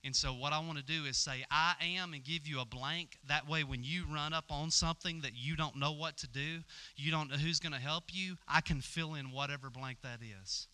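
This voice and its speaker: A man's voice: fairly high pitch, fairly even intonation, normal speed, bright, forceful tone, clear, resonant tone. A male pastor giving a conversational sermon, telling the story and acting out the dialogue with stammers and fillers.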